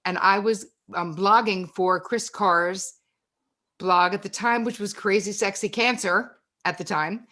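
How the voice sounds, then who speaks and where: A woman's voice: mid-range voice, fairly even intonation, measured pace, sharp tone. Chatty woman hosting a video call. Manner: chatty, storytelling, laughs often. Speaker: host. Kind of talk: casual chat on a video call.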